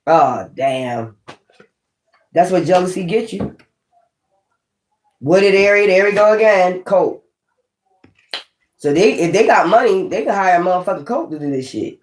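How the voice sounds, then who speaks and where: A woman's voice: fairly low pitch, animated, measured pace, pauses often, darkish tone. A woman giving a casual tarot reading, blunt and profane, thinking aloud as she goes. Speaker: tarot reader. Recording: roomy echo.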